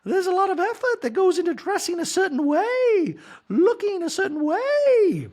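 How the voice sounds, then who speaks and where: A man voicing a shrill, glamorous socialite wife, exaggerated and dramatic. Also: very animated, moderate pace, a little mellow. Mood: indignant.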